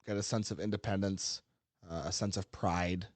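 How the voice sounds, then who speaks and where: Laughing easily, a man hosting a podcast wanders through casual conversation, often restarting and leaning on fillers. He speaks at a moderate pace in a low, steady voice, recorded dry.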